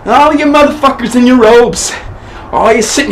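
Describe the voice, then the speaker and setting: A man delivering a profane, manic improvised comedy rant to the camera, often shouting. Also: very high-pitched, moderate pace, vocal fry, background noise. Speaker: performer of an improvised comedy monologue.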